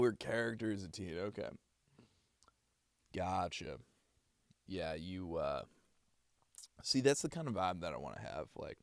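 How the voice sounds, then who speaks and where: Streamer type, low and fry-laced, animated delivery, dry close sound, rambles to chat. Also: male voice, no echo. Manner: rambling, chatting with viewers. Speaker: voice actor streamer. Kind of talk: casual live-stream chat.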